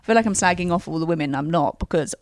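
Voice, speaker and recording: A woman's voice: lowish voice, very fast, no echo. Brit woman gossiping on a podcast, wry and opinionated, dead dry room. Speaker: podcast co-host. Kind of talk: casual chat.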